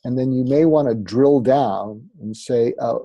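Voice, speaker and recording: A man's voice: medium pitch, measured pace, dark tone, dry recording, dull audio. A man, a psychiatrist and author, explaining advice as an interview guest in a conversational way, often with fillers. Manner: conversational, acts out sample dialogue, frequent fillers.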